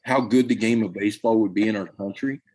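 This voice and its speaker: A man, a high school baseball coach, telling stories earnestly and emphatically in a podcast interview. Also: fast talker, a little mellow, husky. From Tennessee.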